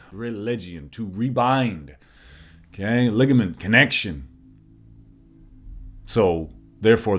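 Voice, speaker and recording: A man talking casually in a rhetorical, folksy way, often tagging his points with questions and slowing down to stress single words. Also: lowish voice. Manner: rhetorical, folksy, keeps asking "right?". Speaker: preacher musing on word origins. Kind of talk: casual spoken monologue.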